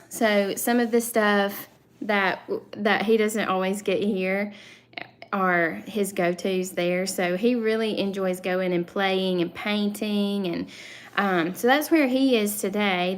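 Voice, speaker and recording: A woman in her thirties with a thick Southern US accent, hosting a casual live-stream chat, rambling with lots of fillers and restarts. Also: mid-range voice. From Southern United States. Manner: chatty and rambling, many fillers and self-corrections. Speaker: channel host.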